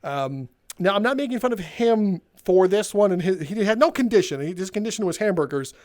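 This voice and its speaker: High-voiced man laughing through stories. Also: brisk. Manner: animated, laughs through his own stories. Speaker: gaming video host. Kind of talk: casual storytelling while playing a VR game.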